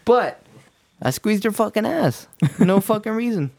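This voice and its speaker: High-voiced crude young guy. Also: lively intonation, measured pace, gravelly, a little mellow. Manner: crude, blunt, swearing constantly. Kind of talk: casual chat.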